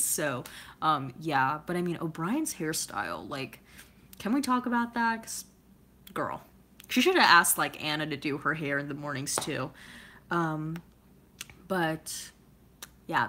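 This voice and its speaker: A woman's voice: low voice, a bit bright. A woman from California chatting casually as she answers viewer comments, rambling with lots of filler words and laughing often. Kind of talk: casual chat.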